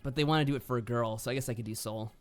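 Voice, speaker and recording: A man streaming a visual novel, reading the narration aloud in a plain, even way and joking that he can't do voices. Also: medium pitch, very fast, faint music behind. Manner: plain, self-deprecating, reads narration evenly. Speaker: let's play streamer.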